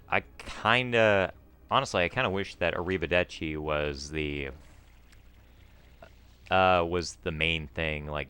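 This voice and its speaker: A man's voice: low voice, fairly bright tone, clear, resonant tone. A man hosting a let's play, chatting casually and rambling through trivia while he plays, and yelping when he fails. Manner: yelps when failing in the game. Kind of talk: casual gameplay commentary.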